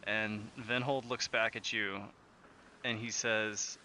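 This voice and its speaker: A man narrating a tabletop game as game master, relaxed and full of fillers. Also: on the low side, slow, slight background noise.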